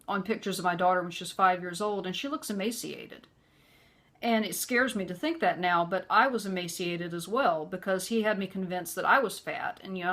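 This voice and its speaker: A woman telling a personal story in an earnest, conversational way, filling pauses with "you know". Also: mid-range voice, fairly bright tone. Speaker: vlogger.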